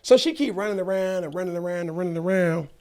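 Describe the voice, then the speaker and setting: A man in his thirties with a Southern American accent, hosting a podcast and telling a profane, animated story, laughing often. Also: high-pitched, quick pace, smooth. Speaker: podcast host. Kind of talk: casual storytelling.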